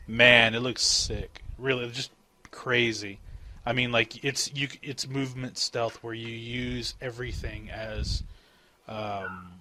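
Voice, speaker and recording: A man's voice: mid-range voice, bright, forceful tone, a little hiss or hum. A man in a casual podcast chat who laughs often and swears freely.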